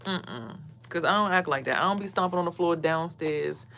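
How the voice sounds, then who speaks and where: A woman talks casually to her viewers, blunt and full of swearing. Her voice sits low. A faint hiss runs under the recording. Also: moderate pace. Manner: blunt, swears a lot, animated quoting of others. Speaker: vlogger and spiritual reader. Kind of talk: casual rant to camera.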